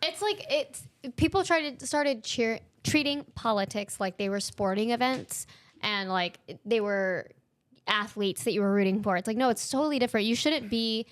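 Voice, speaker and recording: Female podcast co-host, casual emphatic chat. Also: a little high. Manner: fast, emphatic, says "like" often.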